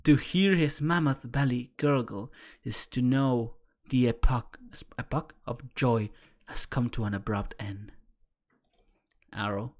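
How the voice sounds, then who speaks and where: A man's voice: medium pitch, unhurried, a little mellow. A man streaming as he reads a webcomic aloud in a casual way, tripping over words, restarting, laughing and swearing as he goes.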